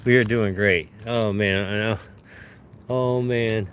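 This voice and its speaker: Speaking slowly, with fairly even intonation and a voice on the low side, a man vlogs his fossil hunt on a hillside. He talks casually to his viewers as he looks and gets gleeful over each find. Slight background noise can be heard.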